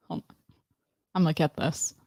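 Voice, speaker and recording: A woman's voice: unhurried, warm tone, dry recording, studio quality. A woman hosting a casual livestream, laughing often and breaking off mid-sentence while she tries out British accents. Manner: giggly, self-interrupting, playful. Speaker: livestream host.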